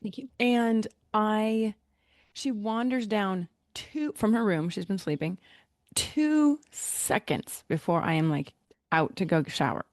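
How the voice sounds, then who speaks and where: A woman hosts a casual podcast chat, telling stories with real animation, slipping into little voices for the people in them and laughing easily. Her pitch sits in the middle of the range and the sound is close and dry. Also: slow, no echo. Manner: animated storyteller, acts out voices, laughs often. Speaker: podcast host.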